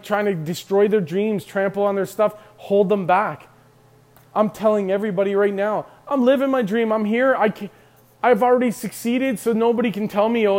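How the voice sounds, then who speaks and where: Man, emotional motivational talk to camera, a bit high-voiced, emphatic, restarts often. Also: darkish tone. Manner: fired-up and emphatic, repeating himself with many restarts. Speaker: clothing brand owner speaking to viewers.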